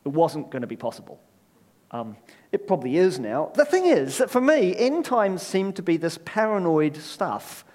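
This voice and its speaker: Middle-aged New man, preacher; lively sermon delivery, voice slightly on the high side, wry asides. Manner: animated storyteller with wry self-deprecating asides.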